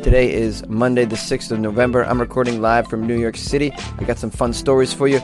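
A man's voice: mid-range voice, fairly quick, over music. A man hosting a comedic weird news show, reading odd stories and riffing on them with jokes and laughter. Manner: animated, jokey, laughs at his own lines.

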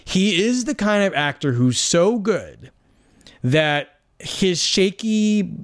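A man with a slightly high, very expressive voice talks through his ideas as a critic in a loose podcast conversation. He stalls, repeats words and circles back before landing his point. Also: slow pace. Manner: animated, searching for words with many restarts. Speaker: guest film critic. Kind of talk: casual podcast chat.

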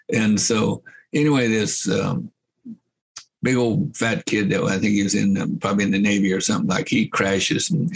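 Gravelly older man. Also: on the low side, rough recording. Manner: folksy, laughs at his own stories, many fillers. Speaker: guest. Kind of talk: rambling anecdotal storytelling.

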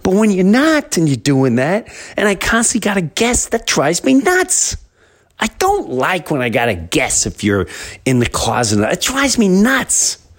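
A man hosting a podcast, telling a comic story in an animated, exaggerated way with many restarts. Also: sits high, unhurried. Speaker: podcast host. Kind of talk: comedic storytelling.

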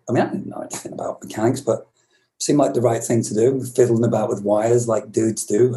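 A man's voice: medium pitch, fairly quick, warm tone, poor audio. A man from Britain in his fifties, a musician guest telling long reflective stories in an interview, rambling with many restarts. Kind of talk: storytelling interview.

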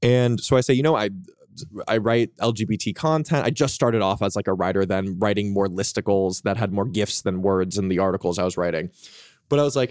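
A man on a podcast as a guest author, telling his story in a frank, casual way, with quick self-mocking asides and plenty of swearing. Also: on the low side, a little mellow, clear, resonant tone, no room sound, studio quality.

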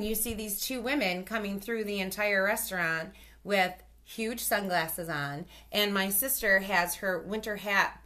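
A woman in her thirties telling a casual story in a chat, animated and swearing, acting out the voices of the people in it. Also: mid-range voice.

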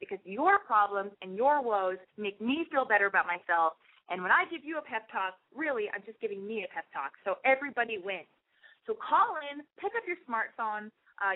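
Woman with a lisp, podcast host, profane rambling advice rant, narrow phone-line sound. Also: fairly high pitch. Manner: profane, rambling and self-deprecating. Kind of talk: brash comedic advice monologue.

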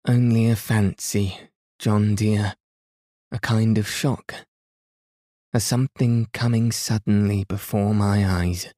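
A man reading the lines of a nervous young wife in a slightly higher, breathless voice. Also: fairly even intonation, slow, mellow, no echo, studio quality. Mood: shaken.

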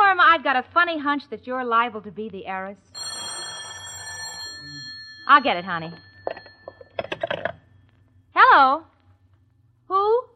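Sensible roommate, high bouncy voice, dull old radio audio. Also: female voice. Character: sensible young woman roommate. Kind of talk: 1940s radio sitcom acting.

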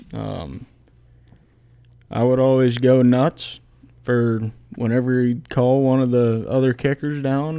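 A man's voice: mid-range voice, mellow, clean tone. A young man in his twenties, a college kicker guest, talking plainly and casually in an interview with lots of fillers. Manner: laid-back, plainspoken, many fillers.

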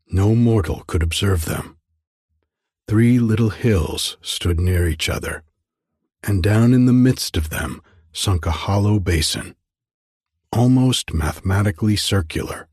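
A man narrating a classic story aloud in a measured, deliberate reading. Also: fairly low pitch, breathy edge, no echo, studio quality. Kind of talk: scripted audiobook narration.

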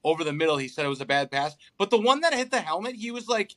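A man's voice: on the high side, sing-song, fast, fairly bright tone. A young man co-hosting a casual sports chat, ranting in an exasperated way and swearing often. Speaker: podcast co-host.

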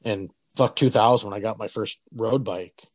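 A man's voice: on the low side, moderate pace, a little mellow, no room sound. A man in his forties hosting a casual chat, telling stories in a loose, profane way and acting out the voices of people he quotes. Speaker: podcast host.

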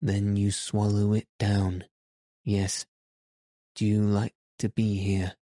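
A man reading the lines of a calm, kindly doctor who speaks gently and reassuringly. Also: on the low side, slow pace, no room sound, studio quality. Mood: gentle.

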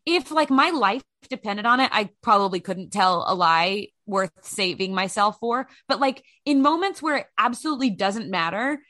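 A young woman co-hosting a podcast, talking through loose, self-mocking stories in an easy, rambling way. She is recorded close up with a dry sound and almost no room echo. Her pitch sits in the middle range for a woman. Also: lively intonation, normal speed, few pauses, sharp tone. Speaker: podcast co-host. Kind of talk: casual chat.

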